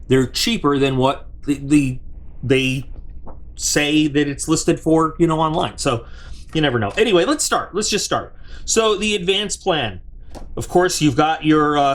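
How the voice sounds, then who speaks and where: A man hosting a casual unboxing review, rambling and chatty, with plenty of restarts and side remarks, talking straight to his viewers. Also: a little high. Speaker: product reviewer and channel host.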